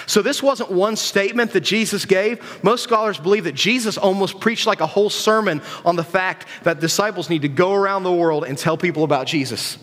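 A man's voice: sits high, fairly quick, few pauses, fairly bright tone. A man giving a casual, conversational sermon to young people, repeating himself and asking rhetorical questions. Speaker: preacher. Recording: long hall reverb.

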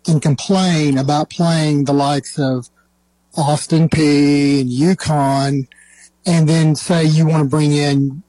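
A male caller with a warm, mellow voice who talks slowly and argues deliberately. The sound is dry and close. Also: fairly high pitch, flat delivery, dry recording, rough recording. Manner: measured, argumentative. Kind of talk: call-in sports talk radio.

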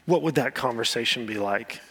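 Earnest pastor in a reverberant hall. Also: male voice, mid-range voice, a little fast, husky. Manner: earnest, pleading, with soft drops and repeated words. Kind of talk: sermon.

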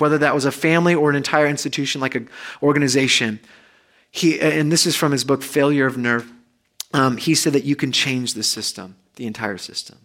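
A bright, fairly high-voiced man preaching a sermon in church. He talks conversationally, rising to loud, high-pitched peaks and then falling back to quiet, low-pitched asides. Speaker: pastor.

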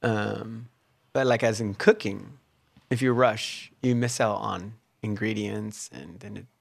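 A man's voice: lowish voice, fairly even intonation, slow pace, creaky. A man chatting as a guest, playful and teasing, filling his talk with "like". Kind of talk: casual chat.

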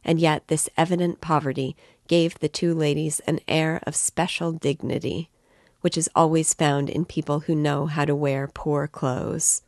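A woman reading a classic novel aloud in an even, clear storytelling manner. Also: sits low, measured pace, no echo, clean studio sound. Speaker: reader of a novel.

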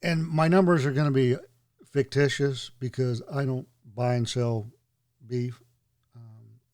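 Mid-pitched male guest, dry sarcastic storyteller, relaxed chat. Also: a little slow. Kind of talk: casual chat.

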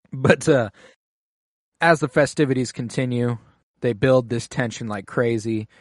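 A man's voice: medium pitch, unhurried, no echo, studio quality. A man in casual podcast chat, retelling TV episodes loosely, with lots of fillers and swearing. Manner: loose, profane storytelling with many fillers. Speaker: podcast co-host.

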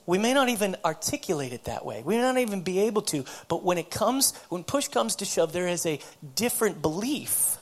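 Earnest woman preacher, low voice. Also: very animated, a little fast, hardly any pauses. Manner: earnest, storytelling, repeats words. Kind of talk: sermon.

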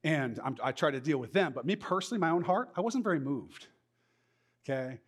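A middle-aged pastor preaching in a loose, conversational way. His voice sits high for a man and swings widely, jumping between bursts of energy and low asides. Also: animated, brisk, husky. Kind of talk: sermon.

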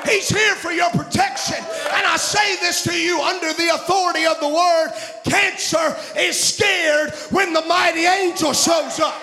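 A man preaching a fervent revival sermon, shouting and chanting in a sing-song style. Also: very high-pitched, fairly even intonation, measured pace, creaky, hardly any pauses, a crowd in the background. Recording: roomy echo.

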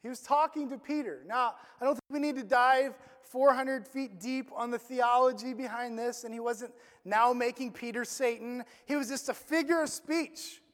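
A pastor preaching a sermon in a casual, conversational way, using slang and asking the crowd questions, swinging between loud emphasis and near-murmured lines. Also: medium pitch, moderate pace. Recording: long echo of a large hall.

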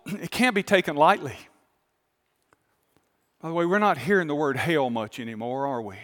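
A male pastor, preaching a sermon. He tells a story calmly, then builds to fervent appeals to the congregation. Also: mid-range voice, big-room sound. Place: large church auditorium.

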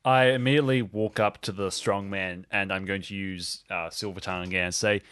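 A man's voice: deep voice, fairly even intonation, fairly quick, fairly bright tone, clear, resonant tone. A man playing a tabletop game, making dry jokes about his character. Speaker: player. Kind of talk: casual tabletop game chat.

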